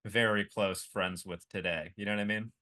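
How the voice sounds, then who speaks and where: A man with a fairly low voice, trading sarcastic, deadpan banter as a comedian co-hosting a podcast. His delivery stays dry and offhand, even when he is joking. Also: normal speed. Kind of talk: casual chat.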